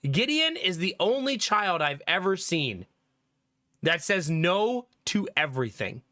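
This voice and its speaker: A young man streaming, retelling everyday family moments in a loose, laughing, animated way. His voice sits high and sounds bright. The sound is close and dry, with no room around it. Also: unhurried, no echo. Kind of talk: casual storytelling to live chat.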